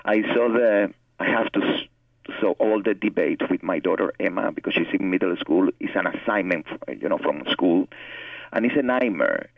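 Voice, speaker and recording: Cuban-accented male novelist, low gravelly voice, earnest and halting, on a far-off phone line. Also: expressive, dry recording. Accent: Cuban Spanish. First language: Spanish. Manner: earnest, repeats words while searching for English. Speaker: novelist guest. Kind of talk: interview conversation. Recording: tinny phone line, distant from mic.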